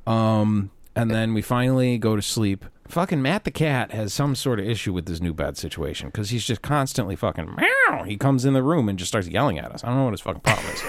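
This is a young man co-hosting a podcast, talking loosely and swearing with a fairly low voice. The sound is close and dry, with no room in it. He laughs through his own stories. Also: very animated, brisk, no room sound. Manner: profane, storytelling, laughs often. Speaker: podcast co-host. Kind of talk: casual chat.

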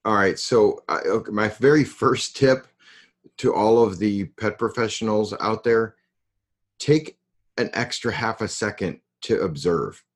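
Husky-voiced man hosting a casual interview. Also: on the low side. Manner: halting, repeats words, self-deprecating. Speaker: podcast host.

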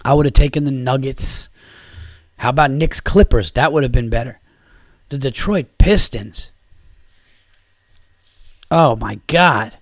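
A man hosting a podcast rants about sports in a casual, profane, sarcastic way. His voice sits in a middle pitch and sounds dry and close. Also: measured pace, pauses often, no echo. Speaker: podcast host.

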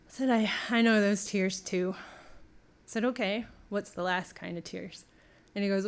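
A woman's voice: mid-range voice, steady tone, unhurried. A middle-aged woman giving a talk, telling a personal story and acting out the dialogue.

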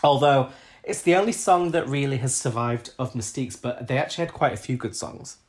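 A man's voice: mid-range voice, a little fast. A man co-hosting a podcast, chatting casually and gossiping about a TV show with sarcastic asides. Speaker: podcast co-host. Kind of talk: casual chat reviewing a TV show.

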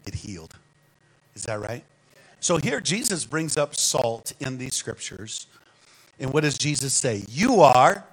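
A man preaching a sermon as guest speaker, animated and calling on the congregation to answer back. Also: on the high side, breathy edge, low-quality recording. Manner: animated, calls the congregation to respond.

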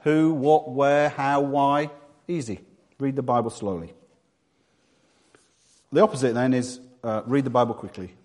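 A man from England preaching a sermon with humor, acting out quick voices and quotes. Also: medium pitch, steady tone, darkish tone.

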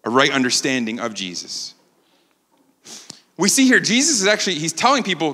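Bright, lively preaching man in hall. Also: on the high side, quick pace. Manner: animated preaching, acting out quotes. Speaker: pastor. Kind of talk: sermon. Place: church sanctuary.

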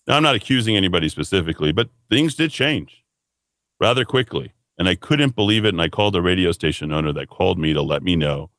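A man's voice: sits low, expressive, quick pace, a bit bright, dry recording. A man hosting a talk radio show, ranting bluntly and combatively in a monologue from a radio studio. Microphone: studio microphone.

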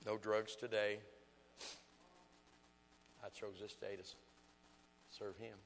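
Speaking slowly in a lowish, level voice, an older evangelist spins homey stories and asides through a folksy sermon, acting out what his wife said. The church sanctuary leaves a long reverb tail, with slight background noise.

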